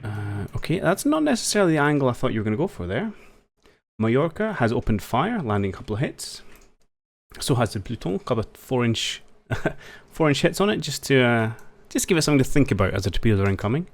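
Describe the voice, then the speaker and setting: A man's voice: medium pitch, big pitch swings, fast talker. A man giving casual, thinking-aloud commentary over a strategy game, wry and understated as he plays. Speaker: strategy game let's-player.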